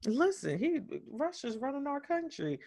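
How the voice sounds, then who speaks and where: A woman co-hosting a podcast who talks in an animated, profane way, her pitch swinging widely. Her voice has a gravelly edge. She sits close to a dry mic. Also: moderate pace, no room sound. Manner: animated, profane, slips into impressions. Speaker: podcast co-host. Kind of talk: casual chat.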